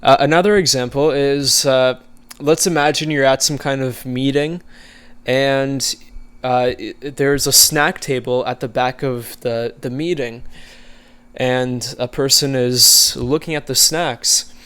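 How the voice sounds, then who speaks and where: Man, smooth resonant voice, mid pitch, casual instructional talk, relaxed, filler words. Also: measured pace. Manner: relaxed, conversational, with frequent fillers. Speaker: social skills coach.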